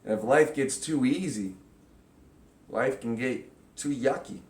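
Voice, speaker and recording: A man in a middling voice gives a relaxed spiritual lesson, now and then jumping into loud, high-pitched outbursts as he acts out voices. The room echoes around him. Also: unhurried. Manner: animated, acts out inner voices with sudden loud high bursts. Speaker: spiritual workshop teacher. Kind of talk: casual spiritual teaching talk.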